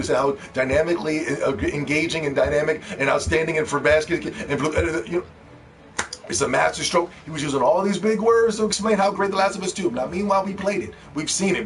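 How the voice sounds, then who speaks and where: A man streaming live, ranting loudly and mockingly at a game review, with plenty of profanity. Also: fairly high pitch, fast, distant mic. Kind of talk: live-stream reaction rant.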